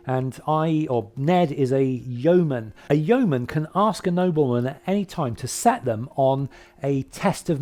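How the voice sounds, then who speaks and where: A man's voice: on the high side, mellow. A man talking casually to camera, rambling and hesitant, with lots of fillers and restarts. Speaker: vlogger describing his hobby.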